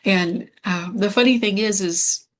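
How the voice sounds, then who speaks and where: An American woman in her thirties, a medium appearing as an interview guest, tells a hard personal story. Her mid-range voice is candid and halting, full of fillers.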